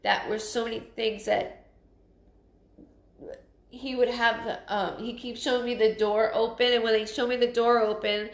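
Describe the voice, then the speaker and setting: A woman giving a live psychic reading, earnest and emotional, halting and often restarting her sentences. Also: on the high side, level tone, roomy sound. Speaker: psychic medium. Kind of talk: live-streamed spirit reading.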